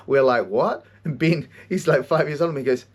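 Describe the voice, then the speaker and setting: A man hosting a podcast, telling stories in an animated way, swearing a lot and often laughing. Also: medium pitch, fairly quick, slight background noise. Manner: animated storytelling, heavy swearing, frequent laughter. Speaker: podcast host and counselor. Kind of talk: casual monologue.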